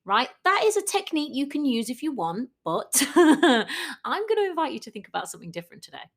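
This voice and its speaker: A woman coach giving a chatty solo podcast talk. She acts out quoted people in lively voices. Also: high-pitched, a little fast.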